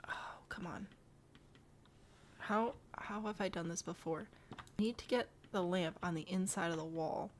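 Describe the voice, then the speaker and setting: A woman's voice: fairly low pitch, moderate pace, slight background noise. A young woman from the Midwest chatting casually on a live stream as she builds in a game, laughing often and murmuring to herself. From American Midwest.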